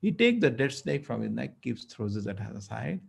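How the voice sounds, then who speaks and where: A man lectures at a temple, telling a story in a loose, conversational way. His voice is gravelly and husky, at an ordinary middle pitch. He often slips into acting out the characters' lines. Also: normal speed. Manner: animated, conversational, acts out dialogue. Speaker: temple speaker.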